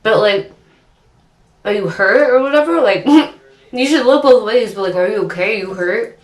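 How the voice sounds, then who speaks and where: A woman's voice: medium pitch, a little slow. Young woman chatting thru a storytime, lots of likes, echoey room, mic kinda far off. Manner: chatty, animated, many fillers. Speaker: vlogger. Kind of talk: storytime chat. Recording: roomy echo, distant mic.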